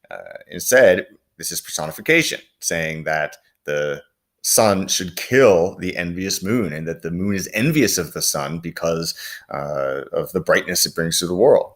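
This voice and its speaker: A man's voice: low voice, animated, normal speed, fairly bright tone. A man teaching a lesson, explaining patiently with frequent fillers and reading quoted lines aloud. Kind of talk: recorded classroom lecture.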